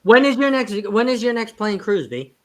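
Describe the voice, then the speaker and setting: A woman's voice: a little high, very animated, moderate pace. A woman hosting a casual livestream chat, laughing often and echoing her guest's words back. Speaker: livestream host.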